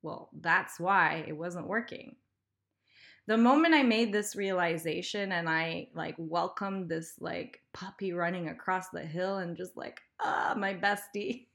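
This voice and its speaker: A woman's voice: on the low side, measured pace, gravelly, fairly bright tone. A woman hosting a podcast, giving a candid motivational monologue, emphatic, swearing freely and laughing often. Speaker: podcast host.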